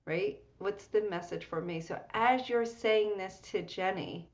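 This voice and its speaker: A woman's voice: medium pitch, unhurried. A woman coaching a client, encouraging and checking in with frequent "right?" questions. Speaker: life coach. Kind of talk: coaching session. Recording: dull lo-fi recording.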